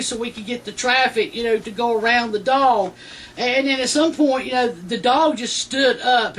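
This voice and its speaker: A woman's voice: fairly high pitch, fairly bright tone. A woman telling a personal faith testimony in a rambling way, full of "you know" fillers. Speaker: Christian testimony speaker. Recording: distant mic with faint background noise.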